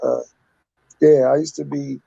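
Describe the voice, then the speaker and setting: A man's voice: mid-range voice, little pitch movement, unhurried, vocal fry, warm tone, husky, no echo, lo-fi sound. A man in his fifties, a guest telling his life story candidly in a rambling, casual way. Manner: candid, rambling, street-talking with repeated "like".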